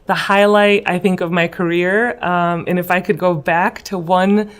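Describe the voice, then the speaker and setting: A woman's voice: fairly low pitch, steady tone, a little slow. A woman in her thirties, from Illinois, answering interview questions in an earnest, emotional way with many fillers. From West Chicago, Illinois. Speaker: guest, political candidate. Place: school room.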